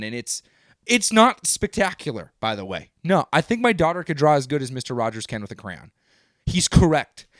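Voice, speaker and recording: A man in his thirties hosting a live stream, talking casually in a rambling, animated way that often interrupts itself. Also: medium pitch, dry recording, studio quality. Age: 30s. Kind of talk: casual livestream monologue.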